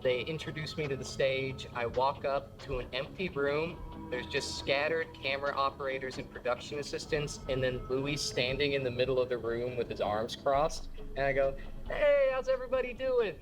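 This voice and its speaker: Comedian guy doing a story bit, mid pitch, acts out all the voices. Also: normal speed, over music, poor audio. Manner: animated, acts out every character. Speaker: stand-up comedian. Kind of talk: stand-up storytelling.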